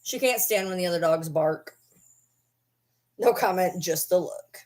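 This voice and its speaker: A woman's voice: lowish voice, unhurried, darkish tone. Vlogger lady chatting to camera, baby-talking her dog, teasing and doting. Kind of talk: casual chat to camera.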